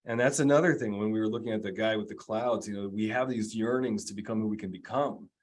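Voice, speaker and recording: A man's voice: lowish voice, fast. A man, an executive coach, giving a casual webinar presentation in a chatty, self-deprecating way with lots of fillers.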